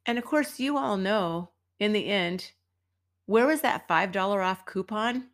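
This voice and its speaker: With an expressive, mid-range voice and an unhurried pace, a middle-aged woman from the US hosts a podcast and shares an everyday story. A dance teacher as well, she tells it in a chatty, wry monologue, performing the voices of the people she quotes.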